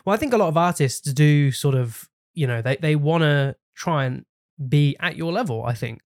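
A man's voice: on the high side, animated, normal speed, dry recording. Easygoing male podcast host, dry sound. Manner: easygoing, agreeable, hesitant with fillers. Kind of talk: casual podcast interview.

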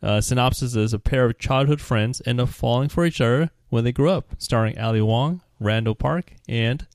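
A man's voice: medium pitch, moderate pace, darkish tone, dry recording. Upbeat male podcast host, dry sound. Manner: upbeat, leads the segments. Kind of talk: casual chat.

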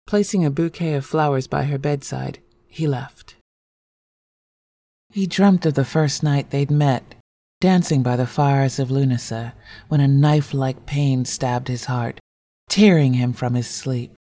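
A woman narrating a scripted story in a measured, gentle, melancholy way. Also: rumbling low, no room sound.

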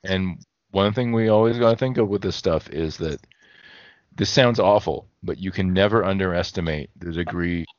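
A man's voice: deep voice, moderate pace, no echo, lo-fi sound. A man co-hosting a podcast in casual chat, thinking aloud and correcting himself as he goes. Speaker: podcast co-host.

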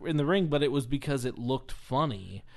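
A man's voice: medium pitch, moderate pace, creaky. Chatty man telling a story. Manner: animated storytelling, laughs often. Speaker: podcast co-host. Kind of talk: casual chat.

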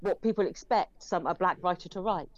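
A woman's voice: lowish voice, brisk, dry recording, lo-fi sound. A woman reviewing films in casual, rambling chat, with many fillers. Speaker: film reviewer.

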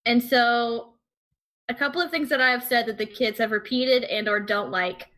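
A young woman co-hosts a casual podcast, laughing easily as she tells stories. Her voice sits high and sounds bright and clear. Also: moderate pace. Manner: giggly, animated storyteller. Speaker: podcast co-host. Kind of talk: casual chat.

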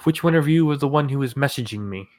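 A man's voice: medium pitch, animated, slight background noise, natural voice. A man doing a weary old sea captain. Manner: drawn-out sighing "ah" openings. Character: weary middle-aged male ship captain, polite, wry.

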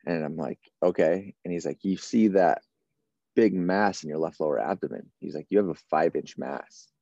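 A man in his thirties with a low, mellow voice recounts a personal story casually, quoting what everyone said to him. The sound is dry, with a slightly dull, muffled top end. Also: normal speed, no echo. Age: 30s. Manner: casual, run-on retelling with many quoted exchanges. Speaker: firefighter guest. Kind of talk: storytelling in an interview.

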